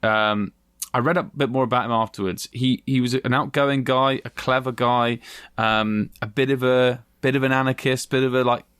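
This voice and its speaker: A man co-hosts a film review podcast in a chatty, animated way, dropping the odd swear word. His voice sits at an ordinary pitch and sounds dry and close to the mic. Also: normal speed, clean tone, dry recording. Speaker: podcast co-host. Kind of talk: casual film review chat.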